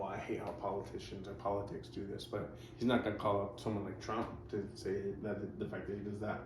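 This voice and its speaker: A man's voice: lowish voice, darkish tone. Rambling man reacting in an echoey room. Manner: rambling, sarcastic asides. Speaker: reaction video host. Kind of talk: casual commentary over clips. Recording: roomy, distant mic, faint noise.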